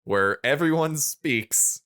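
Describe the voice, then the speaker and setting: A man co-hosting a podcast, chatting casually and recapping episodes in a relaxed storytelling way. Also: a little high, slow pace. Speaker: podcast co-host.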